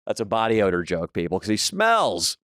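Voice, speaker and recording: A young man co-hosting a podcast, telling crude, animated stories in casual chat. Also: fairly low pitch, brisk, smooth, no echo, studio quality. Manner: animated storyteller, crude jokes. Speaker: podcast co-host.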